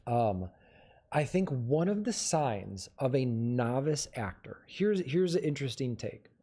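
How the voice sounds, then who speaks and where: A man's voice: medium pitch, big pitch swings, unhurried, mellow. A man hosting a livestream, casually giving advice and answering viewer questions in a conversational way. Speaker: livestream host.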